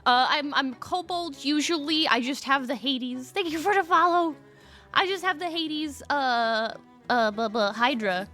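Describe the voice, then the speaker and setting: A woman's voice: high-pitched, a little slow, bright, forceful tone, faint music behind. A young woman chatting casually on a live stream, gushing and a little scattered as she talks to her viewers. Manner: bubbly, gushing and a bit scattered.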